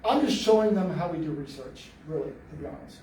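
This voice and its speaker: A man telling an animated, joking story to an audience, acting out what people said. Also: a little high, fast talker. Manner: animated storyteller, jokey, acts out quotes. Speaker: Bigfoot researcher giving a library talk. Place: library meeting room. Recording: roomy hall, mic at a distance, faint noise.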